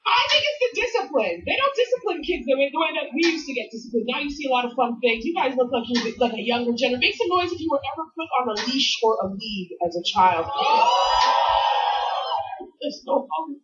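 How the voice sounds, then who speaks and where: A woman in her thirties performs a brash stand-up set and works the crowd. Her high voice leaps up and down. The sound is a dull, lo-fi TV broadcast of a stage mic. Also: quick pace. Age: 30s. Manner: brash, animated, crowd-working. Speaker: stand-up comedian. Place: comedy club stage before a live audience.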